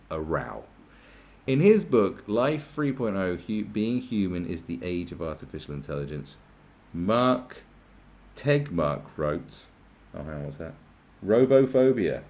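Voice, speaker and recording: Man, video commentary host; sarcastic, profane rant with a very lively pitch, loud bursts and mutters. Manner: sweary, sarcastic, swings from loud outbursts to muttering.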